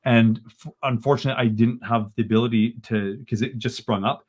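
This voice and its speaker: A man, a podcast guest retelling events in an animated, exasperated way and often ending lines with "right?". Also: mid-range voice, fairly quick, breathy edge. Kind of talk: casual storytelling in a podcast interview.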